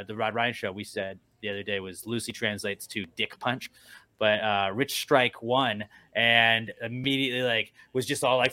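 Man, bright voice, casual podcast host, animated storytelling, curses a lot. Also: mid-range voice, no echo. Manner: animated storyteller, swears freely, acts out quotes. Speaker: radio morning show host.

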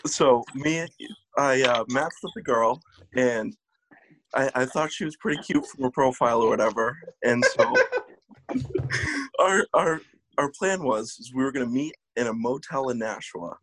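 A man's voice: mid-range voice, lively intonation, measured pace, a bit bright, slight background noise, rough recording. A young man, host of a casual chat show, telling a rambling, profane story full of laughs. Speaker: podcast host.

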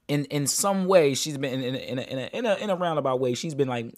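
A man's voice: medium pitch, animated, brisk, few pauses, dry recording, studio quality. A man hosting a casual commentary, talking straight to viewers and repeating phrases as he restarts. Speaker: commentary host.

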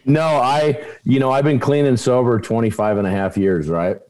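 A man telling stories in a casual podcast chat, animated, swearing freely and restarting his sentences. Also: mid-range voice, normal speed, over a noisy crowd. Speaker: podcast regular. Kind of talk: casual group chat and storytelling.

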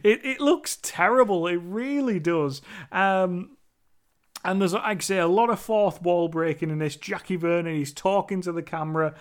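A young man talks through a movie he watched, rambling and laughing as he goes. His voice sits high for a man. Now and then he acts out lines from the film. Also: normal speed. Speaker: movie reviewer. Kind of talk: casual spoken movie review.

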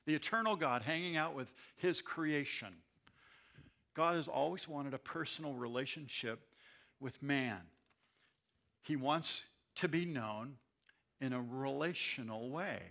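Man, pastor, sermon, gravelly, bright tone, emphatic with quiet asides. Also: mid-range voice, a little slow. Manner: emphatic, swings between loud declarations and quiet asides. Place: church.

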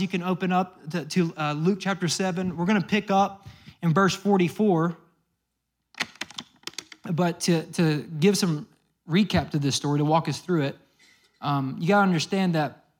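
A high-pitched man preaches a sermon in a chatty, storytelling way. He slips into little acted-out voices for the people in his stories. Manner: conversational storytelling with acted quotes. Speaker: pastor.

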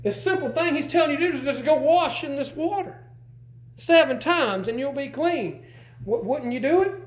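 A man's voice: extremely high pitch, lively intonation, normal speed, roomy sound. A man preaching a sermon, folksy and conversational, asking the congregation questions as he goes. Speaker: pastor.

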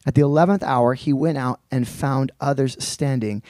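A male preacher teaching through a Bible passage in a relaxed, conversational sermon, explaining with slangy asides. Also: mid-range voice, normal speed, no room sound.

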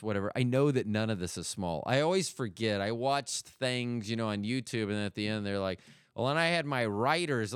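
A man's voice: mid-range voice, smooth, no echo, clean studio sound. A middle-aged man hosting a solo podcast, rambling and joking as he keeps cutting himself off. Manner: rambling, self-interrupting, jokey. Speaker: podcast host.

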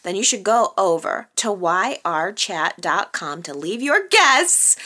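A woman's voice: medium pitch, very animated, takes it slowly, few pauses, sharp tone. A woman hosting a soap opera chat show, talking casually to her viewers with a chatty, teasing manner and frequent laughs. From American Midwest and Texas. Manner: chatty, laughs often, playful teasing asides.

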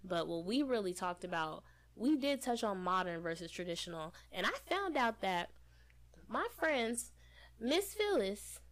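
Brief: woman podcast co-host, medium pitch, casual and earnest, long rambling explanations. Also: sing-song, moderate pace, a bit bright. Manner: chatty, earnest, talks in long run-on explanations.

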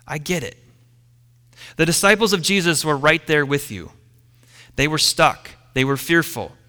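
A man preaching a sermon, retelling a story with dramatic pauses and letting line ends fall quiet. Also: fairly high pitch, animated, long reverb tail. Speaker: pastor.

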